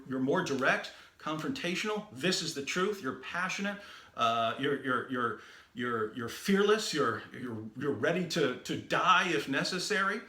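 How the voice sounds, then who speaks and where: Bright, animated man telling a story. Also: on the high side. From the West. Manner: lively and animated, acts out quoted voices. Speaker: Christian apologist and debater. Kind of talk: storytelling talk. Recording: roomy echoey room.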